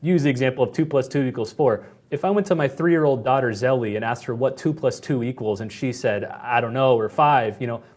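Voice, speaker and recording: A man in his thirties hosting a podcast, speaking in a friendly, measured way as he asks questions and closes the episode. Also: medium pitch, darkish tone. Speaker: podcast host. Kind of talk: podcast conversation and outro.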